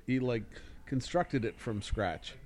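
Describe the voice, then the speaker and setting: A man's voice: medium pitch, animated, unhurried, darkish tone. A man co-hosting a podcast in easygoing casual chat, laughing along with the others. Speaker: podcast co-host.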